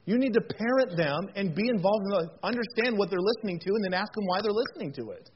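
A man's voice: sits high, expressive, fast talker, background noise. A man preaching a sermon as pastor, earnest and folksy, often repeating words and stumbling into joking asides. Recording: muffled lo-fi recording.

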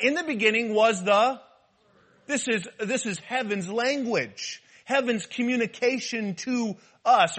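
A man preaching a sermon in an animated, humorous style, with rhetorical repetition. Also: high voice. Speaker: pastor.

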